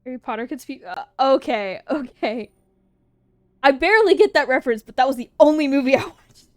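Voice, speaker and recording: A woman's voice: sits high, lively intonation, fairly quick, no echo, clean studio sound. A woman streamer in casual livestream chat, answering viewer questions, laughing often and swearing freely.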